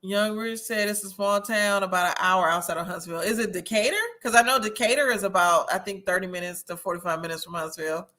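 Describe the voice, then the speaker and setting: A woman's voice: mid-range voice, fairly even intonation, quick pace, hardly any pauses, pushed and bright. A woman hosting a casual livestream, chatting and gossiping as she reads viewer comments, a little tipsy and laughing often. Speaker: host of a reality-TV review livestream.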